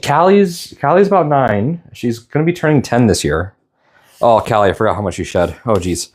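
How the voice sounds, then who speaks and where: A man's voice: mid-range voice, moderate pace. A young man chatting casually on a live stream, rambling and tender, stopping to apologize now and then. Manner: rambling, tender, stops to apologize while tearing up.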